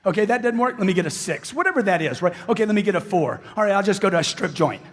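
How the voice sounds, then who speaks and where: Brief: middle-aged male sales trainer, high-pitched and punchy, repeats lines for effect, long hall reverb. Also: very animated, rapid-fire. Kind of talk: live seminar talk. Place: large hall with a live audience.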